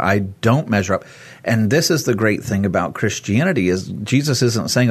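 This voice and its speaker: A man's voice: on the low side, lively intonation, moderate pace, husky. A man talking about faith in a casual conversation, passionate, acting out God's voice in quoted speech.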